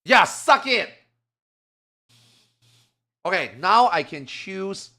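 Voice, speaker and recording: High-voiced man ranting on a live stream. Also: big pitch swings, extremely slow. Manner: swings from low muttering to loud angry outbursts, swearing; switches between English and Chinese. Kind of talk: casual live-stream talk.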